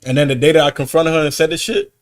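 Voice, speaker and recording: A man's voice: a little high, very fast. A man co-hosting a podcast, telling a personal story in casual slang with lots of swearing, his voice rising sharply when he gets worked up. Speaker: podcast co-host.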